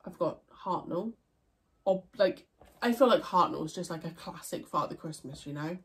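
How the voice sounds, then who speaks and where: A woman's voice: fairly low pitch, animated, moderate pace. A young woman chats through a viewer Q&A, her voice stuffy and nasal from congestion. She rambles easily, full of "um" and "like," and often stops to correct herself. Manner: chatty, rambling, with fillers and self-corrections. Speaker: YouTuber answering viewer questions. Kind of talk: casual Q&A chat.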